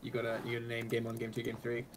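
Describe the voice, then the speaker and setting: A man with an Australian accent casually commentating an esports match, joking and quick to react. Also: medium pitch, monotone, a little hiss or hum, poor audio. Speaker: esports caster.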